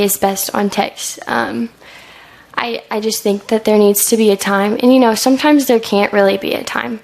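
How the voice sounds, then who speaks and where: A woman's voice: fairly high pitch, steady tone, moderate pace, gravelly, a little mellow. A young woman, a student, answering questions about her senior thesis in a chatty, hesitant way, full of likes and ums, often acting out what she would say. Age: young adult. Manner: chatty and hesitant, many likes and ums, acts out quoted lines. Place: school room with an audience.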